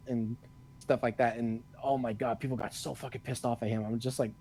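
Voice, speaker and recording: A man's voice: medium pitch, normal speed, darkish tone. A man co-hosting a podcast in casual chat, ranting with a lot of swearing and frequent laughs. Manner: profane, ranting, laughs often. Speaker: podcast co-host.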